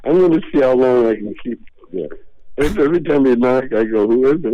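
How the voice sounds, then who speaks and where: A man's voice: medium pitch, lively intonation, a little fast, dull audio, a crowd in the background. An older man, a comedian, telling rambling, laid-back stories as a radio interview guest, often restarting his sentences. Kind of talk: casual storytelling.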